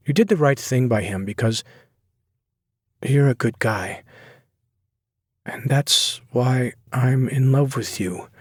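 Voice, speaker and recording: A heartbroken young woman pours out anger and love in a raised, husky voice, her words tight and near tears, as a male narrator puts her on. The storybook delivery is dry and close. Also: mid-range voice, a little mellow, no room sound, pitched above the performer's own voice. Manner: impassioned, pleading, near tears. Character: young woman, hurt and furious lover. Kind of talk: audiobook character voice.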